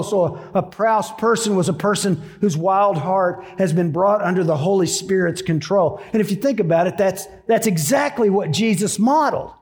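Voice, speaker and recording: Man, middle-aged, preaching, folksy storytelling, fairly high voice. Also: long reverb tail. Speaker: pastor. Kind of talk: sermon.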